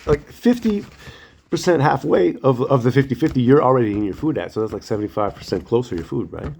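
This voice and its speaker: There's a slight hiss or hum behind this medium-pitched man as he tells stories in a casual, rambling monologue. He performs the quotes with energy, swears liberally, and often apologizes and laughs at himself in a self-deprecating way.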